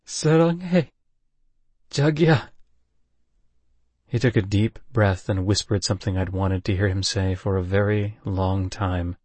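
A man giving a measured, unhurried first-person audiobook narration. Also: low-pitched, little pitch movement, a little mellow, breathy edge, no room sound.

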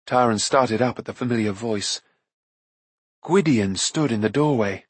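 A man narrating a fantasy novel aloud with an even storytelling delivery. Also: mid-range voice, measured pace, slightly rough, dry recording. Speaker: audiobook narrator. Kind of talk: scripted narration.

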